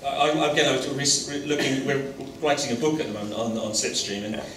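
A man's voice: mid-range voice, fast talker, fairly bright tone, slight background noise. A man hosting an on-stage interview in a college lecture hall, talking hesitantly with many fillers and restarts. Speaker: interviewer, host of the talk. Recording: roomy hall from a distance.

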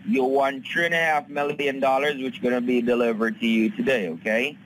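A brusque man with a Jamaican accent speaks on a phone call, with clipped phrasing that turns to swearing. His pitch sits in the middle of the male range, and there is a faint hum of ambience behind him. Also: steady tone, a little fast. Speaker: phone scammer.

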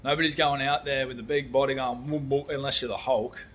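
A man's voice: medium pitch, fairly even intonation, fairly quick, fairly bright tone, slight background noise. A man vlogging in a casual, blunt, sweary way, ranting about a film and talking about his building work. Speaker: vlogger, construction worker. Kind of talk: casual chat.

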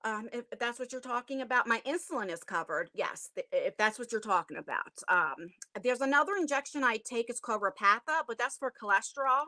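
A middle-aged woman hosts a casual home livestream from her attic, chatting straight into a tablet. Her voice sits high and sounds bright. She rambles with plenty of fillers, and the room sound is close and dry. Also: lively intonation, brisk, hardly any pauses, no echo. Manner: chatty and rambling, many fillers, self-conscious laughs. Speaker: channel host. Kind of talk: casual livestream chat with viewers. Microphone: tablet device.

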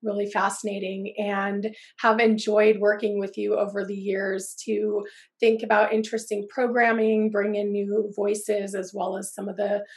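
Woman with a gravelly cold-scratched voice. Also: medium pitch, flat delivery, normal speed. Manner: conversational, with frequent ums and restarts. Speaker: press freedom advocate and moderator. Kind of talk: webinar conversation. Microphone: video call.

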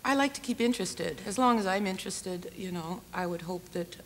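A Canadian woman in her forties, a singer guesting on a TV chat show, answering in a relaxed, hesitant, wry way. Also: medium pitch, a little fast, slight background noise. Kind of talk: TV interview.

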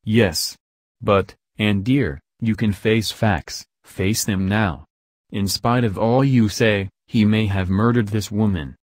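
A man reading the lines of a poised, worldly woman who teases and probes her young friend in a measured way. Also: lowish voice, no room sound, studio quality. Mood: probing.

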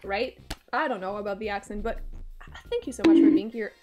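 A woman's voice: medium pitch, fast, crowd noise. A young woman streaming a game, chatting playfully with viewers and often breaking into giggles. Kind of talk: casual game-stream chat.

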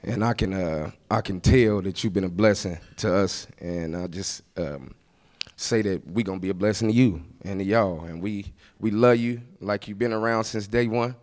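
A man takes the microphone at a wedding reception to toast his younger brother. His voice sits low, and he rambles through his thoughts, emotional and laughing between lines. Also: moderate pace, darkish tone. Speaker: groom's older brother giving a toast.

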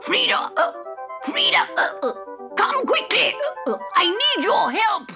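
A woman voicing a nervous young male frog with hiccups, reading a storybook aloud in a halting, anxious way. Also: low-pitched, sing-song, gravelly, over music, pitched below the performer's own voice, heavily acted. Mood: worried.

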